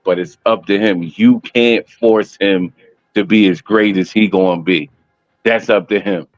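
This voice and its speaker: A man's voice: lowish voice, steady tone, measured pace, no room sound, muffled recording. A man guest on a casual live-stream chat, telling his story candidly with frequent restarts.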